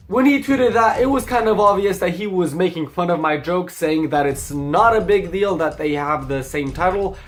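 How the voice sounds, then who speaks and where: A man's voice: sits high, normal speed, hardly any pauses. A young man delivering sarcastic, profanity-laden commentary on online drama, slipping into mocking impressions. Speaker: commentary YouTuber.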